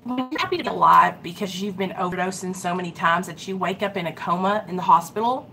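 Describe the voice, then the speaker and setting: A woman talking casually and earnestly to her viewers in a recovery vlog, animated and direct. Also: on the low side, quick pace, gravelly. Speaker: recovery vlogger. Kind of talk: casual livestream-style talk to viewers.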